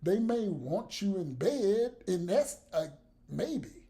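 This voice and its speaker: Male vlogger for an unfiltered rant: mellow tone, swooping lively delivery, blunt and profane. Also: high voice, takes it slowly. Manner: blunt, profane, laughs between points. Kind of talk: profane ranting commentary to camera.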